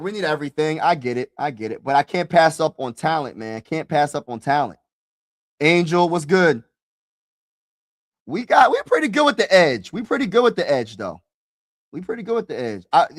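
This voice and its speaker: Very animated and a little fast, this man's voice sits on the high side as he runs a live-streamed football mock draft, addressing viewers directly. He flips from frustrated outbursts to muttering, repeats himself, and leans heavily on "bro" and "y'all." The recording is dry.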